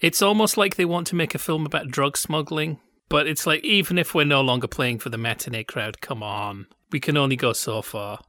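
Giggly bright-voiced man. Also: fairly high pitch, brisk, hardly any pauses, no room sound, studio quality. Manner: jokey, laughs often, playful tangents. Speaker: podcast co-host. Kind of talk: casual chat.

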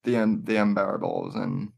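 A man's voice: lowish voice, wildly swooping pitch, moderate pace, gravelly, a little mellow. A man hosting a podcast interview who talks hesitantly and repeats his words. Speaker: podcast host. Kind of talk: casual interview.

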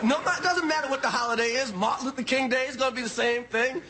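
A man doing a stand-up monologue on a TV studio stage, loud and repeating his punchlines. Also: very high-pitched, fast talker, heavy background noise. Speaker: stand-up comedian. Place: TV studio stage with live audience. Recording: live show with loud crowd laughter. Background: audience laughing and cheering.

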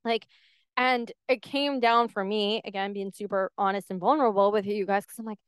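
On her solo podcast, this host is candid and lively, with "like" cropping up constantly in the casual monologue. She speaks at a moderate pace with a smooth, medium-pitched voice, captured in a clean, dry studio sound.

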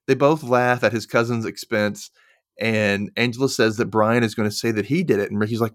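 A man hosts a podcast with clean studio sound and no room echo, his lowish voice creaky and fairly even in intonation. He recaps a TV episode casually, acting out lines in quick asides as he recounts each scene.

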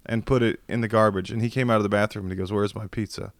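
Man with a smooth voice telling a story. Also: on the low side, very fast, dry recording. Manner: animated storyteller, acts out quoted voices, swears freely. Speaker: podcast guest. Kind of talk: casual storytelling chat. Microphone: video call.

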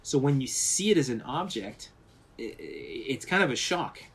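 Man, middle pitch, effects artist guest, casual stories, frequent restarts. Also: moderate pace, husky. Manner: animated storyteller with many restarts. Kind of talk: casual anecdotal interview.

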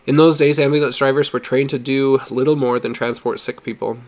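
A man reading a story aloud in a steady, measured narration. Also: medium pitch. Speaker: audiobook reader.

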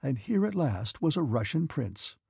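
A man giving a steady, measured audiobook narration of a classic novel. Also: medium pitch, vocal fry, breathy edge, no echo, clean studio sound.

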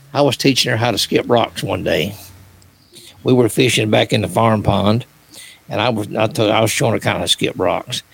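Gravelly older man telling stories. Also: lowish voice, no echo, low-quality recording. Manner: rambling, with many fillers and restarts. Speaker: guest, author and paranormal researcher. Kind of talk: casual storytelling.

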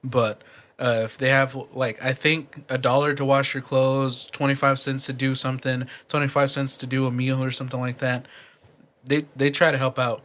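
A man co-hosting a podcast, telling stories in a relaxed chat with lots of fillers and laughs. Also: medium pitch, normal speed. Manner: laughs often, storytelling with fillers. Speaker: podcast co-host. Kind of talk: casual chat.

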